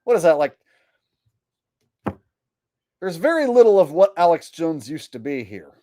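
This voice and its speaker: A man's voice: a little high, big pitch swings, a little slow, warm tone, no room sound. A man hosting a commentary vlog, talking in a profane, incredulous and mocking way. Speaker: host.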